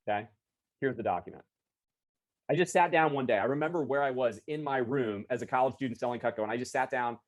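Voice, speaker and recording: A man running a live online sales training over a video call, talking in a chatty, energetic way and correcting himself as he goes. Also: mid-range voice. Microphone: video call computer mic.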